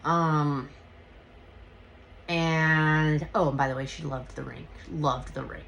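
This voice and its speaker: Podcast host, woman with a low, bright voice, animated and profane, casual storytelling. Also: slow, gravelly, muffled recording. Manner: animated and profane, swears freely.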